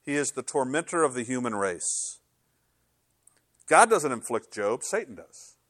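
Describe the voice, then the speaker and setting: An older man preaching a sermon as a pastor, telling stories with lively voice changes as he acts out inner dialogue. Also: medium pitch, unhurried, no echo, studio quality.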